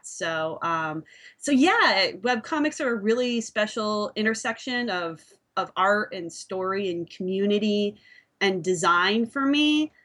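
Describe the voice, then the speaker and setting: A woman with a bright, mid-pitched voice reflects on making webcomics. She talks earnestly and pauses on ums as she thinks. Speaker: webcomic creator. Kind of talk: casual panel chat.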